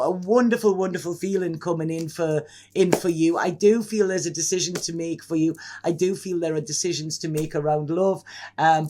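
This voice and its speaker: A man giving a casual tarot reading to camera, effusive and rambling, often restarting and laughing. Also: on the high side. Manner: excitable. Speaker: tarot reader.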